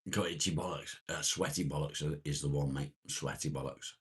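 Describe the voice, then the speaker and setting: Very deep husky man chatting. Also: steady tone, fairly bright tone. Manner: unhurried, rambling, greets chatters by name. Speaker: live-stream host reading viewer comments. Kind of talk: casual morning live chat.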